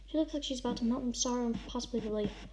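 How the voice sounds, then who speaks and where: A woman's voice: a little high, very fast, background noise. A woman giving a melodramatic read-aloud of a friend's story, with casual comments in between. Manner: over-the-top dramatic reading, shouts and sobs in the big lines. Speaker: vlogger reading a friend's writing.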